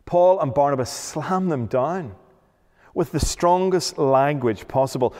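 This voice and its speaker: A man's voice: fairly high pitch, measured pace, dark tone. A man preaching a sermon, emphatic, often asking rhetorical questions. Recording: long hall reverb.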